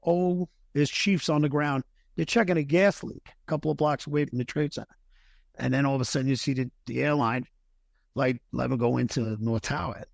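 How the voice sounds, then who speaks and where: A middle-aged man, a retired firefighter, telling a personal story as a podcast guest, earnest and halting, often restarting his sentences and sometimes thick with emotion. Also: on the high side, creaky, dry recording.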